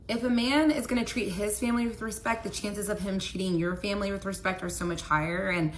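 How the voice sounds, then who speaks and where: A woman's voice: medium pitch, steady tone, quick pace, slight background noise. A young woman casually telling a personal story, peppering her speech with "like" as she talks. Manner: casual, heavy use of "like" fillers.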